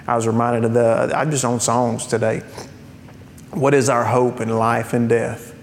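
A man's voice: little pitch movement, measured pace, creaky. A man preaching a sermon to a congregation, talking in a conversational way with rhetorical questions and light humorous asides. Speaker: pastor. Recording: reverberant hall with faint rumble.

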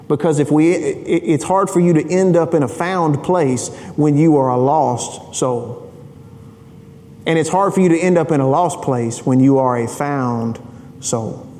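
A man's voice: fairly high pitch, mellow. A man preaching a sermon, telling a family story and asking rhetorical questions. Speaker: pastor. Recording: long hall reverb.

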